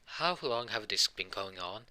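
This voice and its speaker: A man's voice: lowish voice, animated, measured pace, bright, forceful tone, heavily acted. A man voicing a stern father who interrogates his son in a fan story. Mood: suspicious. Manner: pointed interrogating questions.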